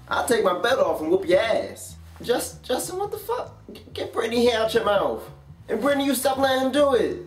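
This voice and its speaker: A man playing a hot-tempered, foul-mouthed daycare teacher who scolds children loudly. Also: sits high. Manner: loud, scolding, swears constantly, swoops up into shouts. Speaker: comedy sketch creator. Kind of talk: comedy sketch acting. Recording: roomy echo, voice from far off the mic.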